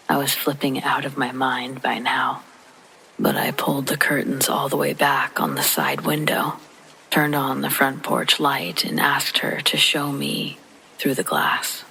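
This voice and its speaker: A narrator reading a scary story aloud in a soft, half-whispered, steady way, made for listening to at bedtime. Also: medium pitch, unhurried, gravelly, a little hiss or hum, poor audio. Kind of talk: hushed sleep-story narration. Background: faint rain.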